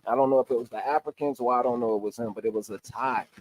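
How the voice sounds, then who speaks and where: A man's voice: mid-range voice, steady tone, quick pace. A man recapping an online debate on a livestream, emphatic and argumentative while he walks through sources on screen.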